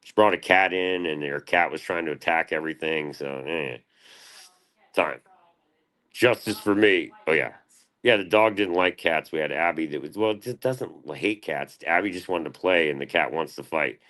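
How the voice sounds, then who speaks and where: Super deep voiced guy in his 30s streaming, rambly and crude, swears a lot. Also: normal speed, fairly bright tone. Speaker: livestreamer. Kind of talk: casual livestream chat.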